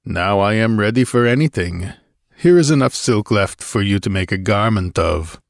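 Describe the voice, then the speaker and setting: Man doing a gruff low barbarian warrior. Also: animated, normal speed, no room sound, clean studio sound. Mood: commanding. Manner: gruff, commanding. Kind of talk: audiobook character voice.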